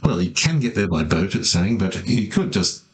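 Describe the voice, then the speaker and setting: A man's voice: low voice, big pitch swings, moderate pace, slightly rough. A man playing a tabletop game, chatting casually and thinking aloud with hesitations. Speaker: player. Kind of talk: casual role-play chat.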